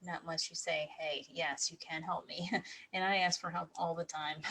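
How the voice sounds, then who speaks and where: A woman's voice: lowish voice, a little fast, fairly bright tone, poor audio. A middle-aged woman hosting a spiritual livestream, talking casually to her viewers, laughing often and encouraging them.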